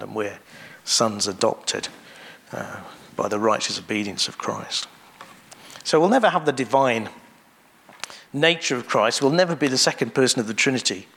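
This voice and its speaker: A man preaching a sermon in a measured way, pausing often and restarting phrases. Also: on the low side, vocal fry, fairly bright tone.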